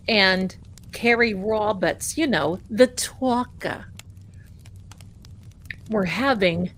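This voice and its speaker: A woman with a Boston accent hosting a tarot livestream, talking in a casual, animated and sarcastic way and repeating phrases for emphasis. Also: medium pitch, a little hiss or hum.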